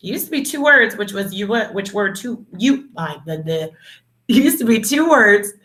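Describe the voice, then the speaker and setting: Lady teacher doing a video lesson for little kids, super slow and sing-songy, bright voice. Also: mid-range voice. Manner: slow, encouraging, sing-song teacher talk with drawn-out words; affectionate, calls the children "my dears" and "superstars". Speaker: kindergarten teacher. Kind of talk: video lesson for young children.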